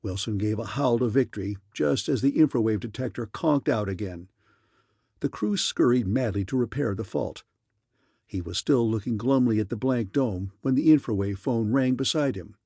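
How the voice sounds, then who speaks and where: Husky, mellow male audiobook narrator. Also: medium pitch, moderate pace, no echo, clean studio sound. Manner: steady storytelling. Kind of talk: scripted narration.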